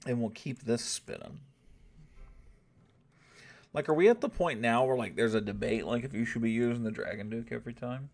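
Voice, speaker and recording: A man's voice: mid-range voice, normal speed, gravelly, long pauses, darkish tone. A young man streaming a strategy game, thinking aloud to his chat and swearing when irritated. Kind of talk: casual gameplay commentary to chat.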